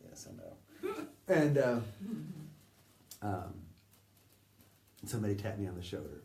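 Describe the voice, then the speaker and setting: A middle-aged man recounting memories in a halting, conversational way, often acting out the voices he quotes and sometimes dropping to a near whisper. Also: on the low side, animated, a little mellow, a little hiss or hum. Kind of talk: conversational anecdote telling. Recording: distant roomy recording with faint ambience.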